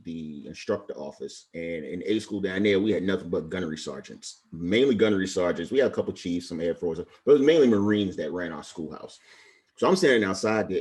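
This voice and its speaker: In a casual interview, a man in his forties from Brooklyn, New York shares stories from his days as a Navy chief, now retired. His voice is deep and a little mellow, full of passion and sincere feeling.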